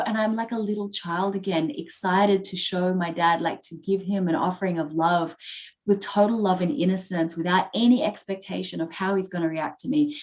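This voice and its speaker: A woman's voice: on the low side, darkish tone. A woman co-hosting a podcast, telling a personal story in a candid, emotional way and swearing freely. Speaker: podcast co-host. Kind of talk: personal storytelling in casual chat.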